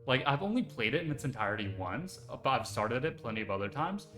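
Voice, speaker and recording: A man streaming live, chatting casually and excitedly, rambling with lots of fillers. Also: mid-range voice, fast talker. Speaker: VTuber streamer. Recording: echoey room with faint music behind.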